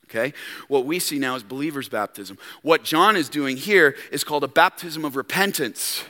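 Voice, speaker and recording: High, bright-voiced preacher. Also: male voice, moderate pace. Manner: animated, rhetorical questions, direct address. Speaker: pastor. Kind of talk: sermon. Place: church. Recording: long church reverb.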